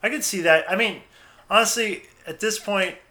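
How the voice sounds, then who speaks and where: A man co-hosting a film podcast, talking in a relaxed, agreeable way that often trails off. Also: high voice, moderate pace, a little hiss or hum. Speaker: podcast co-host, film reviewer. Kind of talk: casual chat.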